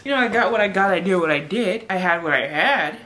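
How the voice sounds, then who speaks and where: A woman chatting casually to camera in her home kitchen, slangy and thinking out loud, now and then slipping into a put-on British accent. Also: on the low side, lively intonation, a little fast. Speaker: vlogger. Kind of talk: casual vlog chat.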